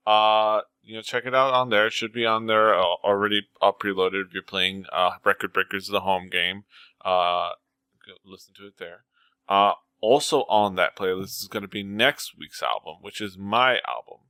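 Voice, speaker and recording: A man hosting a podcast in casual chat, rambling with lots of fillers and quick to laugh. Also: on the low side, steady tone, sharp tone, smooth, dry recording. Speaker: podcast host.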